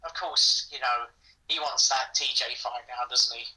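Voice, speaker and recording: A man's voice: medium pitch, steady tone, moderate pace, pushed and bright. A man as a guest on a casual sports podcast, enthusiastic and full of fillers, picked up from away from the microphone. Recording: distant from the mic.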